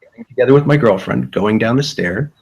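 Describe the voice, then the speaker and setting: A man's voice: medium pitch, lively intonation, brisk, gravelly, darkish tone, breathy edge, rough recording. A man hosting a casual livestream, rambling and profane, often repeating himself. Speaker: livestream host.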